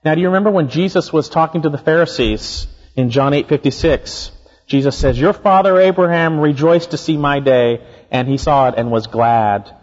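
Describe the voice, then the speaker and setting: A man's voice: on the high side, highs cut off. Emphatic male preacher in reverberant hall. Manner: emphatic, repeats key points, slows to stress words. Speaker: pastor. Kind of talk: expository sermon.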